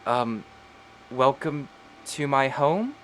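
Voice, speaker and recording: A man voicing a gentle young woman just brought back to life, speaking softly and with tenderness. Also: medium pitch, lively intonation, extremely slow, slight background noise, pitched above the performer's own voice. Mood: bewildered.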